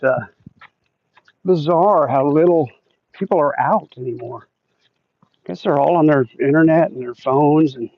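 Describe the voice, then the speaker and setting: A man hosting a casual livestream while walking outdoors through a neighborhood, chatting and reading viewer comments aloud. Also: on the high side. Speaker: livestream host. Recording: dull lo-fi sound, dry.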